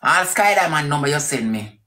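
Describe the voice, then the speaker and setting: Heated livestream rant, Jamaican woman, sing-song outbursts, bright sharp tone. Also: sits low, lively intonation, a little fast. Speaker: livestream host.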